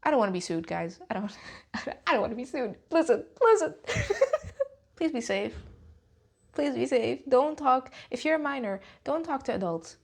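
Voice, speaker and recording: A woman vlogger giving heated, sweary commentary, with sharp jumps in pitch and nervous laughs between points. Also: lively intonation, normal speed, gravelly, slightly rough. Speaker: YouTube commentator. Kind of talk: heated ranting vlog commentary.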